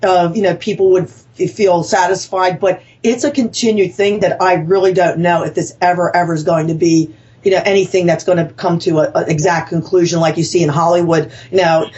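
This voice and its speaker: A woman's voice: lowish voice, fairly even intonation, brisk, darkish tone. A woman author telling her story as a guest in an interview, rambling and earnest, with self-corrections and fillers. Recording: dull lo-fi sound.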